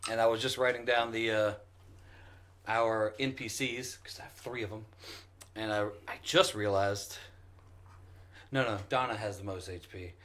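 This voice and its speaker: A man's voice: lowish voice, steady tone, normal speed, long pauses, a bit bright. Joking man running a tabletop game. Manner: joking, rambling with fillers. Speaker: game master. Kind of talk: casual tabletop game intro.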